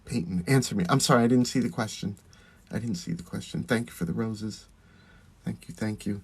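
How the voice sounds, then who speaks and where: This man, a drag performer, talks fairly quickly in a creaky, husky, fairly low voice. He chats on a phone live stream as he does his makeup, reading out viewer comments, responding and thanking them.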